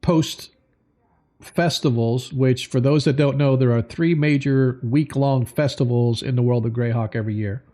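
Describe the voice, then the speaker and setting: A man narrating a tabletop game as game master, slow and halting with many fillers. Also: medium pitch, steady tone, warm tone.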